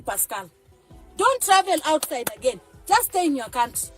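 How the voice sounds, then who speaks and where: A woman's voice: high-pitched, very animated, moderate pace, soft background music. A woman with a Nigerian accent, a mother ranting emotionally to camera in an agitated, threatening and pleading way. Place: parked car.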